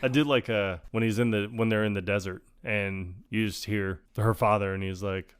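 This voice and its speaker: A man with a lowish, steady voice co-hosts a podcast at a moderate pace, his tone clear and resonant. Talking casually about a film, he laughs frequently while recounting scenes, and the clean studio recording has no room sound.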